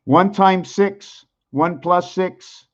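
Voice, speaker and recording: A man hosting a rambling vlog monologue, musing aloud with rhetorical questions and slowly counting out numbers, at times loud and worked up. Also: high voice, lo-fi sound. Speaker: channel host.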